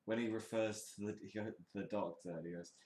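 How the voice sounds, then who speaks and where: A man's voice: on the low side, steady tone, brisk, darkish tone, slight background noise. A man co-hosting a casual chat show, crude and mocking, who often quotes others in put-on voices. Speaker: podcast co-host. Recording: roomy echo.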